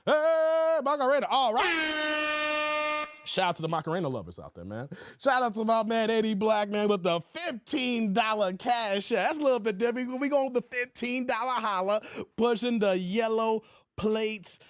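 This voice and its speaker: A high-pitched man hosts a casual livestream, reading donor messages and joking with his chat. His voice sits close and dry, with no room sound around it. He laughs often and keeps it loose and playful. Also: moderate pace, no room sound. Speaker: livestream host.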